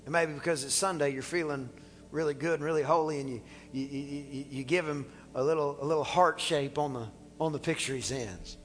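Animated man preaching in a reverberant hall. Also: a little high, a little fast, soft background music. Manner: animated, playful, acts out dialogue. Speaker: pastor. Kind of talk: sermon. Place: church sanctuary.

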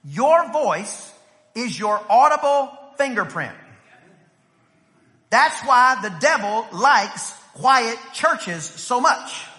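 A pastor, a man in his thirties, preaching an energetic sermon to his church, telling family stories and rising to shouts. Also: very high-pitched, very slow. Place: church sanctuary. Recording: long reverb from a church hall.

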